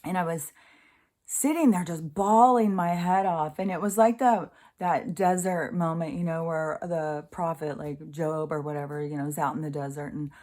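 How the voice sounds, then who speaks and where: Middle-aged woman with a lower voice and a loose, rambling delivery for a casual spiritual monologue. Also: normal speed, dark tone. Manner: rambling and conversational, many fillers, casual swearing. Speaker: spiritual speaker.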